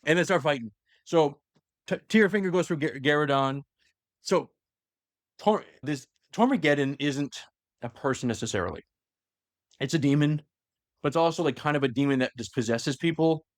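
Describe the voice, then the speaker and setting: A podcast host with a fairly high, lively voice tells a story at a moderate pace, leaving long pauses. He rambles casually through a lore recap, saying "like" constantly and restarting his sentences often. The recording is dry and studio quality.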